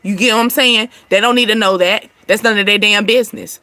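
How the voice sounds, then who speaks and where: A woman's voice: mid-range voice, fast, few pauses, sharp tone, dry recording. A woman hosting her channel, giving casual advice to viewers in a chatty, blunt way, laughing often and swearing now and then. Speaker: channel host.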